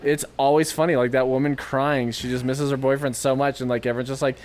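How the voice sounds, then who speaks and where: A man's voice: mid-range voice, level tone, fast talker, a little mellow. A young man co-hosting a casual podcast, joking around, laughing often and slipping into silly voices. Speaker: podcast co-host. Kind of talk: casual chat.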